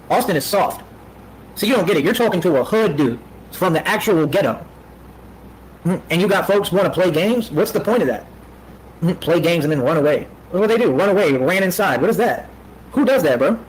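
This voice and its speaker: A man with a high voice rants at a rapid clip on a livestream. He is boastful and combative and leans hard on street slang. A faint noise hums behind him. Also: low-quality recording. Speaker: streamer. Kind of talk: confrontational livestream rant.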